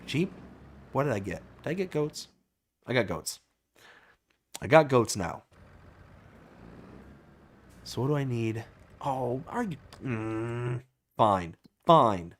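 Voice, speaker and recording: A man hosting a casual live gaming stream, telling stories with animated reactions and answering viewer chat. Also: medium pitch, a little hiss or hum.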